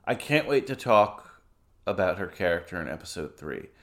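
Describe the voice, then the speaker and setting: A man's voice: sits low, big pitch swings, moderate pace. A man co-hosting a podcast, talking casually and enthusiastically while recounting scenes. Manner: enthusiastic, talkative storyteller. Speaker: podcast co-host. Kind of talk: casual chat.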